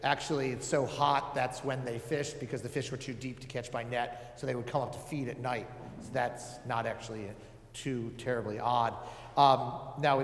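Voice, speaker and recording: A man's voice: mid-range voice, slight background noise. A man giving a casual, conversational sermon, with joking asides and many filler words. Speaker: preacher. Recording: echoey hall with long reverb.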